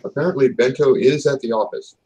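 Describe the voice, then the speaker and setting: A man narrating as game master of a tabletop role-playing game, in a relaxed way. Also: mid-range voice, fairly quick, highs cut off, over a noisy crowd.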